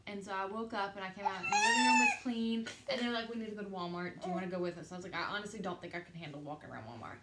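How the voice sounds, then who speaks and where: A young woman vlogger telling a personal story casually, chatty and animated, acting out quoted conversations with lots of "like". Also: mid-range voice, very fast, few pauses, echoey room, very noisy.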